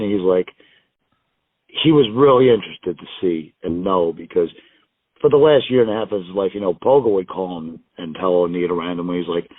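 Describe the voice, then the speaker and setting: A man's voice: low-pitched, fairly quick, no echo. Profane man telling stories over a phone line. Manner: profane, rambling, acts out others' lines. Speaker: wrestling guest telling road stories. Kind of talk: casual storytelling interview. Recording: tinny phone-line call audio, dry.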